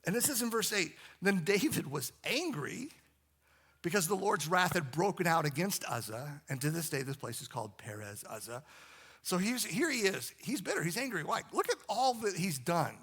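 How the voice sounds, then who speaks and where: Man, pastor, sermon, high voice, gravelly, repeats phrases for emphasis. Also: big pitch swings, moderate pace, fairly bright tone.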